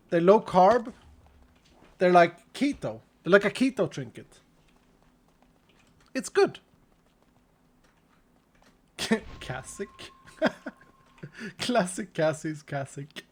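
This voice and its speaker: A Swedish-accented man from Sweden chats casually while streaming a game, rambling playfully and veering into joking tangents. His voice is high-pitched with a fairly bright tone.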